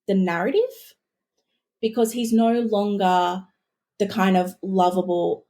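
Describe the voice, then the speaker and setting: A woman's voice: mid-range voice, steady tone, unhurried, mellow. An Australian woman, a guest historian, talking in a casual podcast conversation, chatty and full of restarts and asides.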